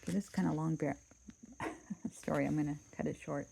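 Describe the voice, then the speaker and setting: A woman casually reading a children's storybook aloud, relaxed and chatty, dropping in asides and cutting the story short. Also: low-pitched, fairly quick, creaky, slightly rough, poor audio.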